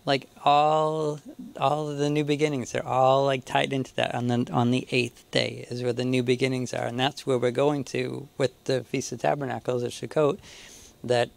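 Male Bible teacher, informal and halting, resonant with some vocal fry. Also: mid-range voice, flat delivery. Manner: halting, restarts often, chuckles to himself. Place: church.

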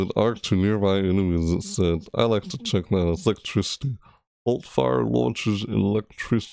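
A man's voice: deep voice, gravelly, dark tone, no echo, clean studio sound. A man giving casual, rambling reaction commentary on a game, chatty and full of restarts. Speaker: gaming video creator.

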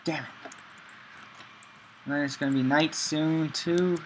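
A man's voice: a little high, fairly even intonation, slow pace, slight background noise, rough recording. A man giving rambling gameplay commentary, talking to himself with many ums and chanting single words over and over. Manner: talks to himself, frequent ums. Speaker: gameplay video maker.

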